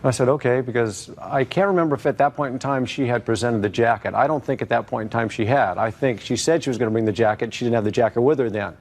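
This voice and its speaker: A man's voice: medium pitch, quick pace, hardly any pauses, a little mellow. A man giving long, hesitant testimony as a plaintiff in a TV courtroom, full of fillers and restarts.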